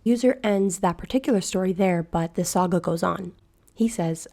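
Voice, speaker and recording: A woman narrating a scary internet story in a hushed, slow, measured way. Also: fairly low pitch, gravelly. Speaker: narrator reading a horror story. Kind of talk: scripted horror narration.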